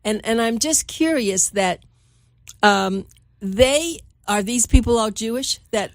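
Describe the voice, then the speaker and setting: A woman's voice: fairly high pitch, animated, slow pace, dry recording, studio quality. A woman from Miami Beach hosting an interview, talking in a chatty, hesitant way. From Miami Beach, Florida. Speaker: host. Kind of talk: casual interview talk.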